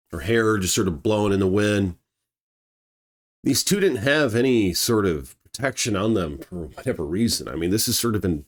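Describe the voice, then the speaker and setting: A man telling a true horror story in a casual, rambling way, full of asides. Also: lowish voice. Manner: rambling, conversational, digresses often; shouts acted quotes in a raised voice.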